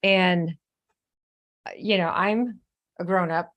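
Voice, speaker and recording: A woman hosting a live coaching session, telling a story in a chatty, animated way and turning to viewers with questions. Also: fairly low pitch, measured pace, pauses often. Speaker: host. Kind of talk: live online coaching talk.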